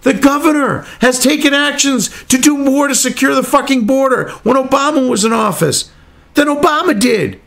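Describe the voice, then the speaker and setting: A man's voice: very high-pitched, moderate pace, creaky, fairly bright tone. A man reading news articles aloud and cutting in with angry, profane, sarcastic rants, as host of his own commentary show.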